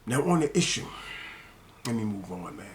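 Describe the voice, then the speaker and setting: An older man delivering an angry, scolding monologue rant, repeating himself and dropping to low mutters between heated outbursts. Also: sing-song, moderate pace. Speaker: commentator ranting to camera.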